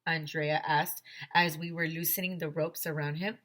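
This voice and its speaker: A woman teacher reading a children's chapter book aloud, animated and full of character voices. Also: deep voice, normal speed, few pauses. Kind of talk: children's storybook read-aloud.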